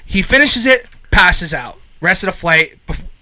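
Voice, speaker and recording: Podcast guy telling a wild story, high and really bright voice, swears a lot. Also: animated, unhurried, rough recording. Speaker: podcast co-host. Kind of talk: casual storytelling chat.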